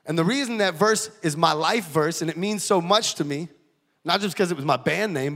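Energetic guy telling his testimony, twang, jokey, church reverb. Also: high voice. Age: 30s. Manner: energetic, jokey, casual preacher talk. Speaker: guest speaker giving a testimony. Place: church auditorium.

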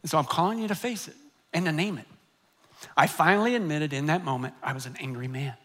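Animated high-voiced man preaching. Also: fast talker. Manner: animated storytelling, swinging between loud and hushed. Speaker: pastor. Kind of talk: sermon with personal story.

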